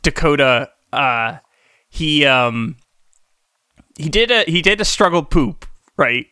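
A man's voice: a little high, animated, slow, sharp tone, clear, resonant tone, dry recording, clean studio sound. A man co-hosting a podcast in casual chat, often stammering and restarting his sentences. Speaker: podcast co-host.

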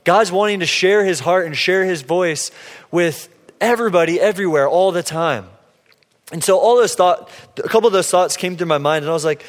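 A man preaching, telling a personal story with playful, lively quotes of himself and others. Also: high-pitched, moderate pace. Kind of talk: sermon storytelling. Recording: long hall reverb.

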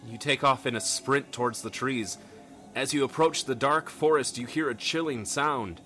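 Man, game master, dramatic second-person narration, bright tone, faint background music. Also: mid-range voice, moderate pace. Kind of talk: narrating a tabletop role-playing game.

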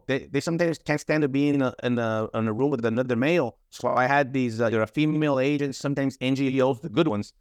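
A man's voice: medium pitch, dry recording. A man with a mid-range voice tells his stories as an interview guest, pressing his points hard and often circling back over his own words. The sound is dry and close, with no room around it. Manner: emphatic storyteller, repeats words and restarts. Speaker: guest, former trafficking investigator. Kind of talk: interview conversation.

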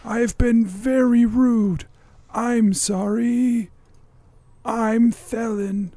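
A man voicing a polite turtle dock worker who speaks very slowly. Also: very high-pitched, fairly even intonation, warm tone, dry recording, pitched above the performer's own voice, heavily acted. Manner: very slow, drawn-out speech.

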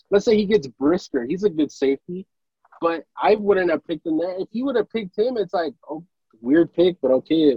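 A man's voice: high-pitched, breathy edge, no echo, muffled recording. A young man, a podcast co-host, ranting angrily and with lots of swearing about a football draft pick. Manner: angry, profane, repetitive ranting. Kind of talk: heated sports rant.

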